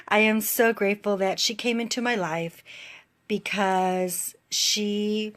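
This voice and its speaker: A woman's voice: mid-range voice, fairly even intonation, slow pace. A woman who runs a fitness program, giving a gratitude testimonial on a live stream, crying and laughing through tears.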